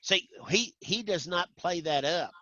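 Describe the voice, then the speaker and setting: A man's voice: high voice, a little slow, no echo. A middle-aged man from Arkansas, casually telling stories and acting out the voices in them. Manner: animated, acts out voices in anecdotes. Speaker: guest storyteller. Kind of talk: casual storytelling chat. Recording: dull lo-fi sound.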